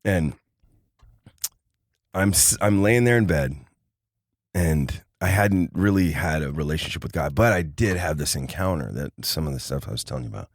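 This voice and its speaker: Deep-voiced man telling a story. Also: brisk, no room sound, studio quality. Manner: animated storyteller acting out quoted voices. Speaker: podcast guest. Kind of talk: casual storytelling.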